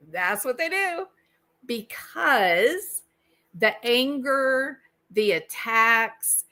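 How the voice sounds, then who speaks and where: A woman delivers a commentary monologue in a bright, forceful voice at an unhurried pace. She keeps asking the listener rhetorical questions. Now and then she acts out imagined dialogue in other voices. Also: mid-range voice. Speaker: channel host. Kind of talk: true-crime commentary monologue.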